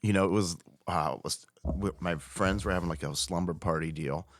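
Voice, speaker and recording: A man hesitantly starting a childhood story, halting with many fillers. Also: low-pitched, no room sound, clean studio sound. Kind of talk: casual storytelling.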